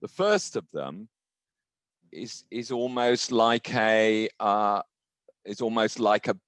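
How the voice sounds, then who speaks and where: A man's voice: on the low side, expressive, slow, dry recording. A middle-aged male professor moderating a panel, asking questions in a hesitant, searching way. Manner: hesitant, searching phrasing with restarts.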